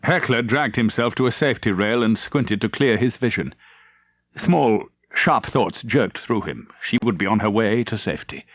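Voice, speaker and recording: A male narrator reading a war novel aloud in a measured, dramatic manner. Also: on the low side, lively intonation, a bit bright, no echo. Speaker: audiobook narrator. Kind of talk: scripted narration.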